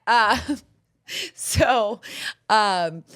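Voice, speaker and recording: Talking very slowly in a medium-pitched, slightly bright voice, a podcast host in her thirties rambles candidly through a casual story. She fills it with fillers and laughs along the way.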